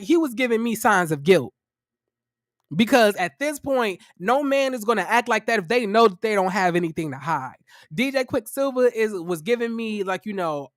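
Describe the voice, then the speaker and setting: A man hosting a livestream review of a reality show, tired, talking casually to his viewers in a profane, incredulous, animated way. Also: sits high, no echo, studio quality. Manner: chatty, addresses viewers as y'all.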